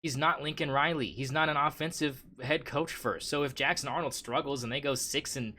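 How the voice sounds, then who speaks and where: A man's voice: a little high, fairly quick, bright, forceful tone. A man hosting a casual sports podcast, talking in a rambling way with lots of "I mean" and restarts. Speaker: podcast host.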